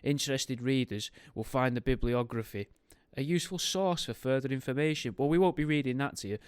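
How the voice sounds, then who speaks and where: This host reads a history book on his podcast in a smooth, mid-range voice at a fairly quick pace. Dry and clean, the studio sound carries his wry tangents and joking asides.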